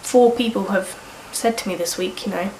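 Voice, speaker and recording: A mid-range, darkish-toned voice belongs to a woman in her early 20s who has a cold and vlogs candidly, rambling and swearing casually. She talks at normal speed. The low-quality audio sounds roomy, with a touch of hiss or hum.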